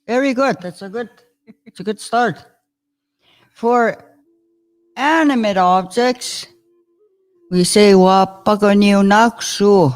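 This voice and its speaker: A woman leads a patient vocabulary lesson, drawing each word out at a very slow, deliberate pace. Her voice sits at a middle pitch, chatty and given to easy chuckles, with faint music in the background. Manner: warm and chatty, often chuckling, sounds out words slowly. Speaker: language teacher.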